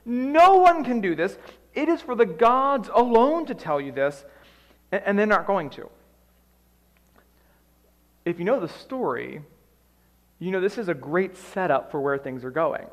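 A man preaching with a high, light voice that rises and falls as he acts out scenes with playful energy. His words carry a long reverb tail, as though spoken in a large hall. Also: very animated, measured pace, long pauses. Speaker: pastor. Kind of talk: sermon.

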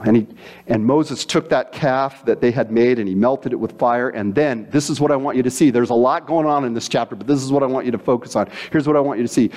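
A man preaching a sermon, telling stories with acted-out quotes and voices. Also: medium pitch. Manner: animated storytelling with voiced quotes. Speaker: pastor.

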